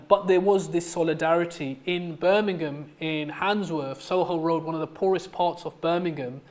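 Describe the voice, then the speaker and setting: Emphatic man giving a lecture. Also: a little high. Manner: storytelling, emphatic, frequent fillers. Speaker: guest lecturer. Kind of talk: public lecture.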